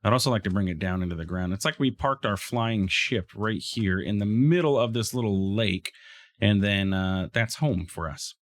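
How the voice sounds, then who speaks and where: A man's voice: lowish voice, normal speed. A man hosting a game let's play, thinking aloud in casual commentary and talking back to the game.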